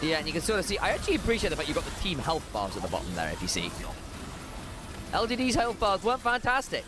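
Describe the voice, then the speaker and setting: A man doing live play-by-play esports commentary, jokey and excitable, on a headset mic. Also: fairly high pitch, noisy background. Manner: excitable, jokey, rapid shifts from chatty to shouting. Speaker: esports caster.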